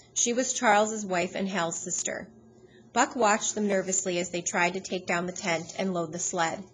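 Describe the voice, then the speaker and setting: A woman narrates an audiobook with a steady, even storytelling manner. Her pitch sits in an ordinary middle range. A faint noise lies underneath. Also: rough recording.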